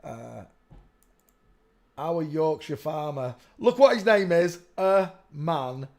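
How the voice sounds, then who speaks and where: A man rambles casually on his live stream, repeatedly pointing at pictures and saying "look." His voice is fairly high and sing-song, slow, with vocal fry and a darkish tone.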